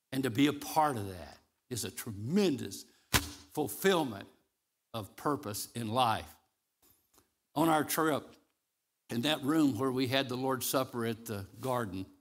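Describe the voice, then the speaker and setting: Brief: mid-pitched male pastor, sermon delivery, swings from booming proclamation to quiet storytelling, drawn-out emphasis. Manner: swings from loud, rising declamation to soft, hushed storytelling; slows and stretches key phrases for emphasis. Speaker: interim pastor. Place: church sanctuary.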